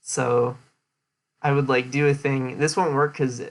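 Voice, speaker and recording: A man's voice: mid-range voice, level tone, measured pace. A young man casually explaining a presentation he gave, rambling with lots of fillers and restarts. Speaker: streamer giving a presentation recap. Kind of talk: casual chat.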